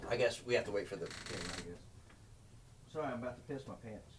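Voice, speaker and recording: A man's voice: on the low side, fairly quick, noisy background. A man hosting a podcast in casual, profane chat, rambling and stumbling over his words. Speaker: podcast host.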